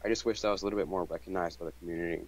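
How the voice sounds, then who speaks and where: A man's voice: deep voice, fairly even intonation, racing, noisy background. A young man, a fellow streamer calling in, talking hesitantly with many fillers and restarts. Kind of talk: casual chat.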